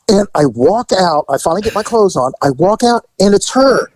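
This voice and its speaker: Casting: a gravelly-voiced man in dry close-mic sound, with a lively swooping delivery and loose, profane storytelling. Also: on the high side, moderate pace, no echo, rough recording. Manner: animated, laughing, profane, acts out voices. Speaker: storyteller recounting undercover work. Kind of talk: casual conversational storytelling.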